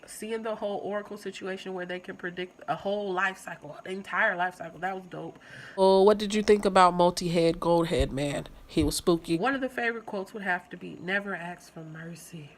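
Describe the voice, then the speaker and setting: A young adult woman hosting her own channel, casually reviewing a TV episode and talking straight to her viewers in an animated, chatty way. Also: medium pitch, fairly quick, slight background noise, low-quality recording.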